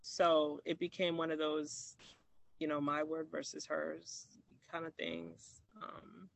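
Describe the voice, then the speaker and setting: A man's voice: fairly high pitch, flat delivery, slow pace, creaky. A man from Maryland telling a personal story in an interview, reflective, with restarts and acted-out quoted dialogue. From Maryland, USA.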